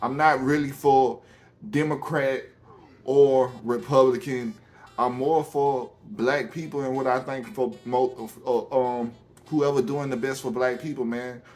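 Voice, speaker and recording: Young southern dude from alabama talking to his cam, lots of ums, stops and starts, mid pitch, bit of music behind. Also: fairly even intonation, darkish tone. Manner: halting, many ums and restarts, says man often. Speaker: YouTuber. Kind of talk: casual talk to camera.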